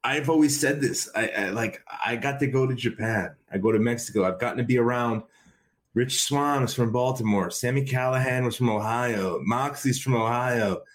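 A man's voice: medium pitch, moderate pace. A man talking casually as a podcast guest, rambling with many repeated fillers and restarts. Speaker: podcast guest, wrestling commentator. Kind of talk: casual conversation.

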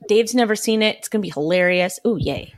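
A woman's voice: medium pitch, fast. A woman co-hosting a podcast, chatting enthusiastically and saying "like" often. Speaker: podcast co-host. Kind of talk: casual chat.

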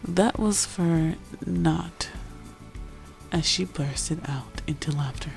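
A woman's voice: low voice, slow pace, vocal fry, soft background music. A woman chatting casually with fillers, then reading a romance story aloud. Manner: chatty, filler-heavy intro then steady narration. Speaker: fan fiction reader.

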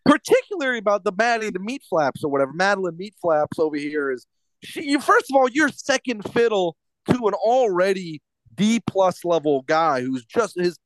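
A podcast co-host with a high, light voice rants through casual chat, swearing freely and stumbling over restarts. His pitch swings widely at normal speed. The sound is dry and close, with no room around it.

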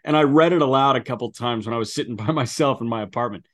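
A man co-hosting a casual sports podcast in a mid-range voice. He jumps from easy chatter to loud disbelief and leans on fillers as he goes. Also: mid-range voice, fast talker. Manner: animated, incredulous outbursts, many fillers. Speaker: podcast co-host. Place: apartment.

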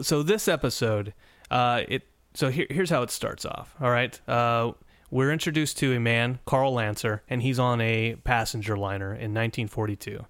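A man's voice: medium pitch, fairly bright tone, smooth, no room sound. Rambling man recapping an old episode. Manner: rambling, many restarts and fillers. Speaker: podcast host.

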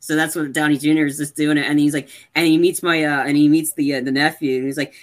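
A man's voice: on the high side, quick pace. Rambling man telling movie stories. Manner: rambling, animated storytelling with many fillers. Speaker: podcast co-host. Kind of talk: casual chat.

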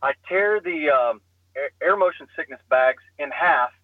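Man, young adult, animated comic storyteller, a bit high, muffled dry phone line. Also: unhurried, no room sound. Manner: animated storyteller who acts out voices. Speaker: guest telling a story. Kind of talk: comic anecdote on a podcast.

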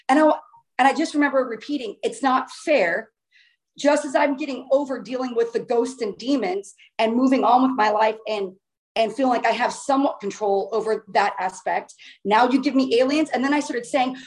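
A woman with a fairly high voice tells a personal story to an interviewer. She is animated and excitable, jumping into her own past words as she goes. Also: fairly quick, poor audio. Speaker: guest. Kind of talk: recounting a personal experience in conversation.

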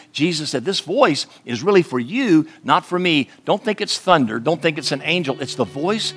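A man preaching an earnest radio sermon as a pastor, slowing down to stress key words. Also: a little high, sing-song, a bit bright, slightly rough.

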